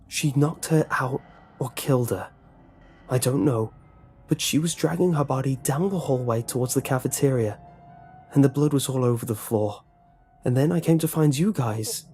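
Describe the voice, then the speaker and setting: A man's voice: mid-range voice, normal speed, a little mellow, faint music behind, voice pushed up, natural voice. A man voicing a frightened teenage schoolboy who talks in urgent, breathless bursts. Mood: panicked.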